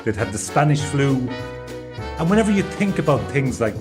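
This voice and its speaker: A man's voice: medium pitch, sing-song, normal speed, music in the background. A man from Ireland co-hosting a live stream, chatting in a wry, storytelling way. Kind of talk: casual live-stream chat.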